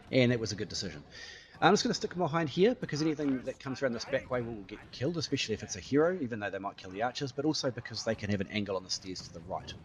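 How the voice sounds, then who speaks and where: A man talks through his gameplay as it happens, chatty and playful, tossing in little sound effects. His pitch swings widely and his delivery stays lively. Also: fast, muffled recording, a little hiss or hum. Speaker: gaming YouTuber. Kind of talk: live gameplay commentary.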